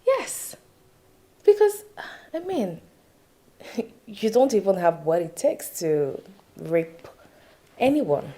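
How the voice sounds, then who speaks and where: A young Nigerian woman teases her man with laughs. She speaks slowly, her voice swinging widely in pitch. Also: very animated, mellow. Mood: teasing. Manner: teasing, laughing.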